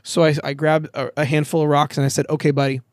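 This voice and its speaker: Candid, casual, higher-voiced man. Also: level tone, quick pace, no room sound, studio quality. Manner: candid, swears freely, storytelling with quoted dialogue. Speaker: podcast guest. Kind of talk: casual conversation. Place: outdoors in a backyard.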